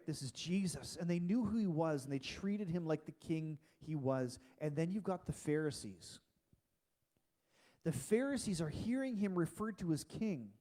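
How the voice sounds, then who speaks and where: A man preaching a casual, animated sermon in a church, with frequent restarts. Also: on the high side. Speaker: pastor.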